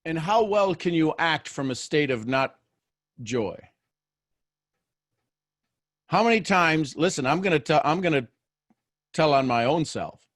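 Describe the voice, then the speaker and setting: A man's voice: fairly high pitch, lively intonation, measured pace, pauses often, fairly bright tone, no echo, clean studio sound. A man hosting a daily motivational show, talking live to listeners. He keeps asking them questions and repeats phrases as he builds each point.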